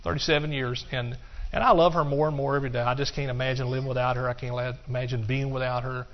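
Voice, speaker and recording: Here the preacher's voice is medium in pitch, quick, and fairly flat in its pitch movement. The middle-aged man still bursts into song and laughter mid-sermon and calls out to the congregation, captured on a muffled, dull recording.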